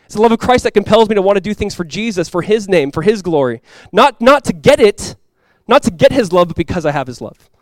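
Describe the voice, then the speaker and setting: Fast-talking young pastor preaching. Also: male voice, no echo. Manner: swings from quiet earnest lows to loud excited highs; casual and conversational, with many "like" fillers. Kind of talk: sermon.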